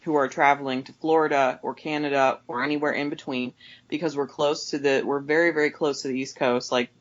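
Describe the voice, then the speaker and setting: A woman's voice: steady tone, a little fast, highs cut off. A woman, an overnight gas station clerk, telling a rambling, exasperated story about a customer as a podcast guest. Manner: exasperated, rambling with many restarts; raises pitch sharply when mimicking customers. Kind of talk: casual storytelling rant.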